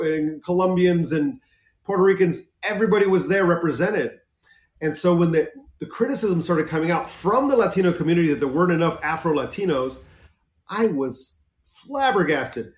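A man in casual conversation, talking in an animated, emphatic way with frequent restarts. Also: on the high side. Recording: echoey room.

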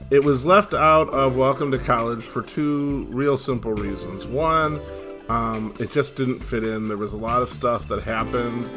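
A middle-aged man giving a casual, self-deprecating introduction as host, with easy fillers. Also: medium pitch. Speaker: podcast host. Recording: voice over guitar music. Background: guitar music.

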